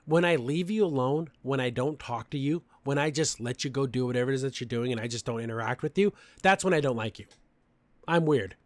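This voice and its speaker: A man's voice: mid-range voice, brisk, dry recording. Chatty, opinionated young man recapping. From Mexican family background. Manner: chatty, opinionated, lots of fillers. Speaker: podcast host. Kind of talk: casual episode recap.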